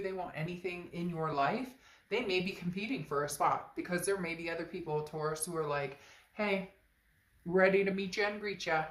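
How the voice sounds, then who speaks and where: Woman, tarot reader, lower voice, stuffy nose, emphatic casual talk, echoey room. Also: a bit bright. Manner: emphatic, conversational, talks straight to the viewer. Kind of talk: tarot reading monologue.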